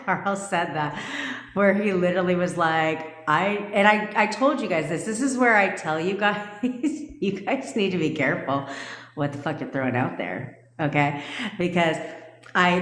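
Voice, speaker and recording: A low-voiced woman talks casually to her livestream viewers as their coach. She is blunt and swears freely, laughing often. Her voice rings in an echoey room with a long reverb tail. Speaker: manifestation coach.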